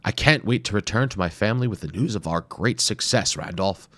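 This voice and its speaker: A man's voice: lowish voice, brisk, fairly bright tone, no room sound, pitched above the performer's own voice. A man voicing an eager, confident male archaeologist with ninja training who teases his friend, in a storybook reading. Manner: upbeat, teasing and confident.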